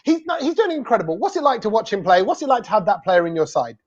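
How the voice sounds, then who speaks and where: A host on a live fan show over a video call, playful and teasing, asking guests one question after another. the sound is dull and lo-fi, like a muffled webcam mic, and the voice sits at a middle pitch. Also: very animated, fast talker, a little mellow. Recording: dull lo-fi audio.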